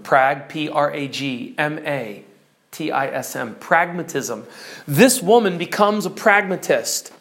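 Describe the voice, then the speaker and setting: A preacher teaching from notes, telling an allegory dramatically and slowing down to stress key words. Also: mid-range voice. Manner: animated, dramatic storytelling, drops to slow emphasis. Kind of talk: storytelling sermon lesson.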